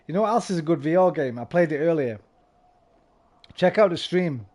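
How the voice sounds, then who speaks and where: A man's voice: on the high side, expressive, normal speed. Tipsy, sweary man rambling. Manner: rambling, sweary, swings from loud bursts to mumbling. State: tipsy, slightly slurring. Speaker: game streamer. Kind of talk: casual stream chat.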